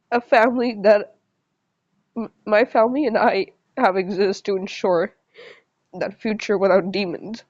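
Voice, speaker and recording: A woman's voice: medium pitch, darkish tone, dry recording, close to an everyday voice. Woman reading as serene Kagaya Ubuyashiki. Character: serene dying male clan leader, gentle. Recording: slightly dull lo-fi recording.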